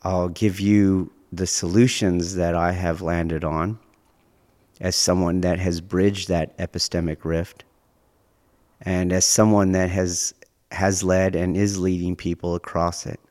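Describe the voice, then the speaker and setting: A man hosting his own podcast as a martial arts teacher, speaking in a deliberate, academic way and often rephrasing himself as he goes. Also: low-pitched, flat delivery, darkish tone, long reverb tail. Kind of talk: measured monologue.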